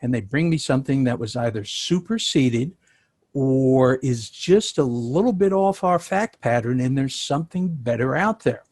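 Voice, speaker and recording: A man's voice: mid-range voice, lively intonation, moderate pace, a little mellow, dry recording. A man with a New York accent answering interview questions as a sales tax consultant, talking conversationally with many fillers and restarts.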